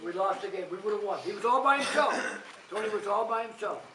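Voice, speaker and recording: Speaking quickly in a high-pitched voice, this older retiring school coach shares casual stories at a gathering, blunt and rambling and full of chuckles. The mic sits far away in a noisy, echoey hall, so he sounds distant.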